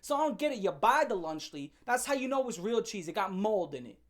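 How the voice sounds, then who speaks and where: A woman's voice: medium pitch, big pitch swings. A woman hosting a comedic commentary rant, blunt and profane with heavy slang. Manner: blunt, fast-shifting, heavy swearing and slang. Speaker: commentary channel host.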